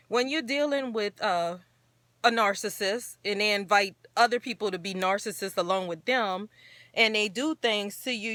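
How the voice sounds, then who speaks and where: A woman's voice: medium pitch, a bit bright, dry recording. A woman hosting her own talk show, speaking earnestly and encouragingly in a rambling, casual way. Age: adult parent. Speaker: show host.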